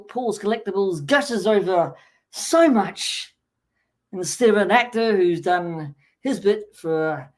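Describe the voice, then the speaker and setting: A man hosting a casual online chat show, rambling and joking and often correcting himself mid-sentence. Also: high voice. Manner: rambling, jokey, self-correcting. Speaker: host.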